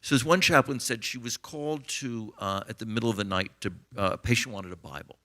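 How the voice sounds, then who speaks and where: A man's voice: medium pitch, lively intonation, fast, bright, forceful tone. A middle-aged American man, an author and physician, tells anecdotes with many fillers and retold dialogue in a conversational interview.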